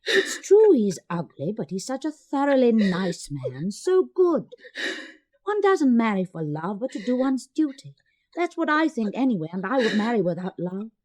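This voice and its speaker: An actress in a vintage radio play voicing a kind elder sister who speaks in a soft, earnest, consoling way. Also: female voice, fairly high pitch, sing-song, normal speed, rough recording.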